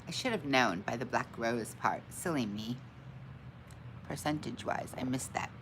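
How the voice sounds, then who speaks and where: A woman's voice: very deep voice, animated, moderate pace, background noise. A woman hosting a casual live stream, chatting with viewers and greeting them by name, often laughing at her own forgetfulness. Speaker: livestream host.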